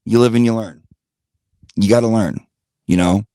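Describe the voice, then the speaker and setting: A man's voice: lowish voice, steady tone, moderate pace, warm tone, no room sound, clean studio sound. A man telling a blunt, profane gossip story in a rambling rant-style monologue. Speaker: channel host.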